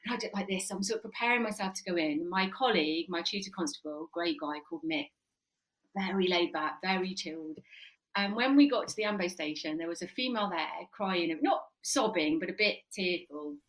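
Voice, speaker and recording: Animated woman telling stories in an interview. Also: on the low side, a little fast, low-quality recording. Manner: animated storyteller with frequent ums, often laughing. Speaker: psychotherapist and former police officer. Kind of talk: conversational podcast interview.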